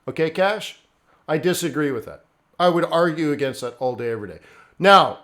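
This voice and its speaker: A middle-aged man with a rather high voice hosts a live trading stream. He talks bluntly and casually, coaching viewers and answering their chat messages by name. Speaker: forex trading livestream host.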